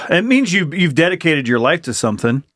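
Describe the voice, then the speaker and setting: Male co-host, meandering joke-builder, slightly high voice, dry sound. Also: sing-song, normal speed, fairly bright tone, dry recording. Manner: rambling, hesitant, builds jokes with restarts. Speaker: podcast co-host. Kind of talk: casual comedic banter.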